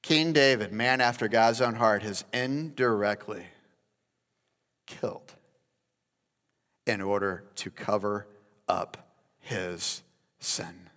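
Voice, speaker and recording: A man preaching a sermon as pastor, animated and addressing listeners as guys. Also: on the low side, slow, long pauses. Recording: long hall reverb.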